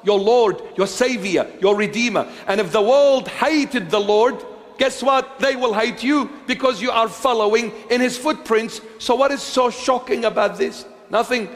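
A bishop preaching a sermon in a church, repeating phrases emphatically and swinging between hushed, intimate lines and raised ones. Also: male voice, extremely high pitch, a little slow, in a large hall.

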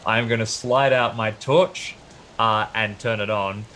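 A man playing in a tabletop horror game talks in a halting, hesitant way, full of ums and restarts. His voice is fairly low but bright and forceful in tone, with faint noise behind it. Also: fairly even intonation. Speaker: player.

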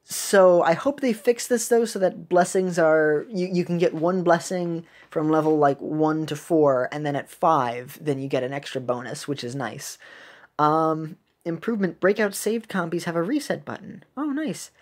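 Low-voiced woman chatting over game text. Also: normal speed, a little mellow. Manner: chatty, makes puns and corrects herself; laughs at her own jokes. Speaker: game video creator. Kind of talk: casual commentary reading game text.

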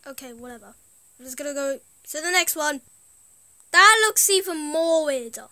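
Her voice high and bright, a woman hosting a gaming video chats loosely through gameplay, amused easily and letting thoughts trail away. She's animated but unhurried, and the close recording is completely dry, without echo.

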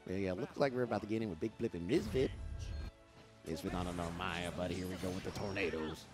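A man giving playful, excitable live commentary on a fighting game match, acting out the players' thoughts. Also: deep voice, a little fast, over music.

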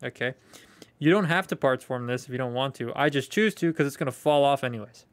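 Young male streamer, loose rambling chat with viewers, mid-pitch voice. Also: brisk. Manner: rambling and chatty, talking to live chat. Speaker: toy collector streaming a haul unboxing. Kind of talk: casual live unboxing chat.

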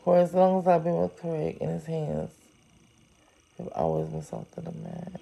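Slow, gravelly, low-voiced woman storyteller. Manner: reads steadily, then breaks in with animated, exclaiming asides. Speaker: storyteller reading a novel aloud. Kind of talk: story reading with chatty reactions.

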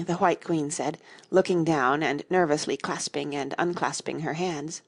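A woman reading a classic children's story as an audiobook narrator, measured and expressive. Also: deep voice, gravelly. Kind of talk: scripted narration.

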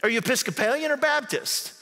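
A man voicing a frantic would-be rescuer in a joke, talking fast and getting more excited with each question. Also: very high voice, pitched above the performer's own voice, heavily acted. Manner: eager, climbing excitement. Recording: echoey sanctuary hall.

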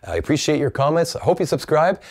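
A man teaching a guitar lesson in a relaxed, encouraging way, counting and scatting strum rhythms aloud while he plays. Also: a little high, quick pace. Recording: loud guitar playing under the voice. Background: acoustic guitar strumming.

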